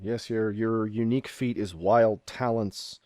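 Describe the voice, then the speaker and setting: A man's voice: fairly low pitch, steady tone, a little slow, dark tone, dry recording, clean studio sound. A man running a tabletop game as game master, talking casually and hesitantly with many filler sounds, on a remote home mic.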